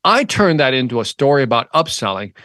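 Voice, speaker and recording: A middle-aged sales trainer and motivational speaker tells an anecdote during an interview, animatedly acting out its dialogue. His mid-range voice moves briskly, captured in clean studio sound with no room noise.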